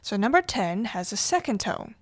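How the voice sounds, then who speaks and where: A woman hosting a language podcast, slowly demonstrating Mandarin tones with patient pauses for repetition. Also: medium pitch, sing-song, dry recording, studio quality. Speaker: host, Mandarin teacher. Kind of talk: slow, deliberate language lesson.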